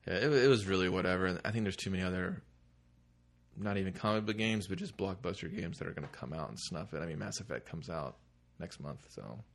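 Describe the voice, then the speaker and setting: Deep gravelly man, rambling casual talk. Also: expressive, brisk. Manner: rambling, hesitant, lots of fillers. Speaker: podcast co-host. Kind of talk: casual chat.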